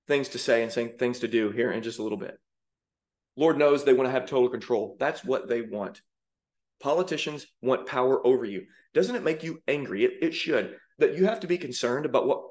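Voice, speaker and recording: A man preaching with fiery indignation, rising to emphatic peaks as he reacts to song lyrics. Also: mid-range voice. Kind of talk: sermon-style commentary.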